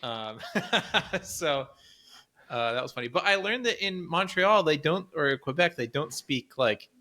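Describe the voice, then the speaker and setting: A man's voice: on the high side, lively intonation, unhurried, pushed and bright. A man co-hosting a podcast, telling a rambling travel story in casual chat, laughing often. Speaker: podcast co-host.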